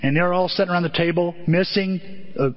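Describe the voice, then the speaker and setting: A man's voice: sits high, steady tone, fast talker. A man preaching a sermon as a pastor, telling stories in an earnest, conversational way and often repeating himself. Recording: dull echoey hall recording.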